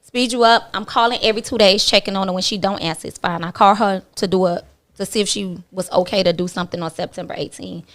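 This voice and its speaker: Speaking quickly at a medium pitch, this woman is a talk radio guest sharing a personal story with blunt candor. She animates the retelling by performing other people's lines, and casual swearing slips in throughout.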